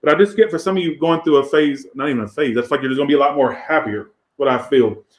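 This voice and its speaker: A man's voice: mid-range voice, quick pace, roomy sound. A man doing a casual tarot reading in a crude, profane, rambling way. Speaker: tarot reader.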